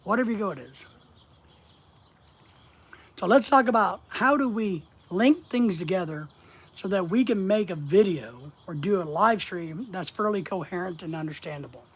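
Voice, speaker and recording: A man hosting a relaxed live stream, speaking straight to his viewers. He drives points home by saying key words over and over, and he greets people by name as they drop in. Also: high-pitched, moderate pace, husky. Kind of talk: casual live-stream teaching.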